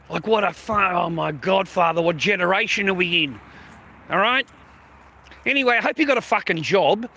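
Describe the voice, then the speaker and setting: Sharp-voiced man ranting at his stream chat. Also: high voice, normal speed, creaky. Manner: profane, sarcastic, confrontational. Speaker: live streamer.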